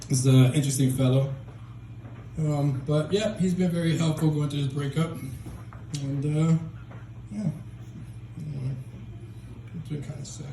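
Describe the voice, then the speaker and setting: Deadpan stand-up comic, man, mellow dark voice, rambling self-deprecating delivery, echoey small club with faint hum. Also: on the high side, a little slow, gravelly, long pauses. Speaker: stand-up comedian. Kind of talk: open-mic stand-up set.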